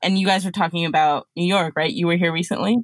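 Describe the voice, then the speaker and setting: A woman hosts a casual podcast interview in a fairly low voice. She sounds upbeat and welcoming. The recording is dry, with no room sound. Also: fairly even intonation, fast, dry recording. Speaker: podcast host.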